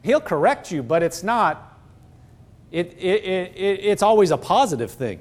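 A man's voice: sits high, sing-song, moderate pace. A man preaching a sermon as pastor, emphatic, throwing rhetorical questions at the congregation.

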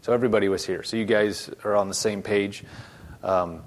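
A man's voice: fairly low pitch, steady tone, brisk. A man giving a conversational sermon, retelling a story with restarts and asides to his congregation. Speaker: preacher. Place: church meeting with a live congregation.

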